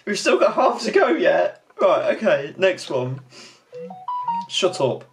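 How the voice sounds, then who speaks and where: A woman's voice: on the low side, big pitch swings, takes it slowly, loud music behind the voice. A young woman hosting a reaction video, chatting casually, giggly and swearing, breaking into shrieking laughs.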